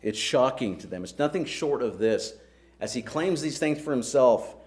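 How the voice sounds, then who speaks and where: A man's voice: mid-range voice, animated, moderate pace, darkish tone. A man preaching a sermon in an earnest, emphatic way, with frequent rhetorical questions to the congregation.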